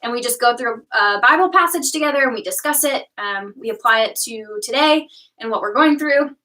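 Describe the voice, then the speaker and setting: A woman's voice: a little high, lively intonation, fairly quick, pushed and bright, distant mic, rough recording. A young woman co-hosting a youth ministry livestream, chatty and upbeat with many ums. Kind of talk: casual livestream chat.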